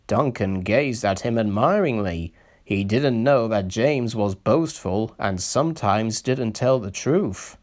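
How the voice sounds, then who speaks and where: A man narrating a children's storybook in an expressive storytelling manner. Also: fairly low pitch, slow pace. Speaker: reader.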